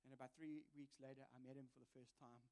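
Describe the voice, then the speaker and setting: A man's voice: medium pitch, level tone, fast, warm tone. A man preaching a sermon, earnest and confessional, telling a personal story with self-mocking humour. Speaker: visiting preacher.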